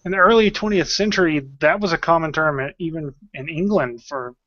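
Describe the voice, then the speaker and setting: A man's voice: a little high, brisk, a crowd in the background. Rambling, laughing man on a muffled line. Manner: rambling, laughs often, self-corrects. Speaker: podcast co-host. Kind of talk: casual chat.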